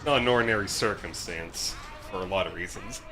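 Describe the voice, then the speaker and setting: A man's voice: sits low, a little fast, sharp tone, faint music behind. A young man co-hosting a casual podcast, talking in a dry, sardonic way. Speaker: podcast co-host. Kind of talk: casual chat.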